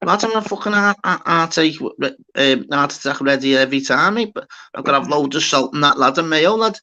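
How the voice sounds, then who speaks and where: A man's voice: fairly high pitch, lively intonation, fairly quick, bright, forceful tone. A man with a Scouse accent hosting a casual banter chat, brash and swearing constantly, calling everyone lad and mate. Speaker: host. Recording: dull lo-fi audio.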